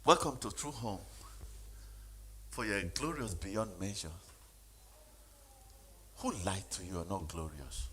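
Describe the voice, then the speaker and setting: A man's voice: on the low side, expressive, measured pace, pauses often, bright, forceful tone, a little hiss or hum. A man giving a motivational sermon, speaking emphatically and questioning the audience.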